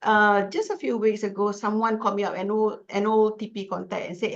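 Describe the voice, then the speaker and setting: A woman's voice: medium pitch, brisk, hardly any pauses, dull audio. A woman trainer with a Malaysian English accent, telling stories emphatically in a casual podcast chat. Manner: animated, emphatic storyteller. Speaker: corporate trainer, podcast guest.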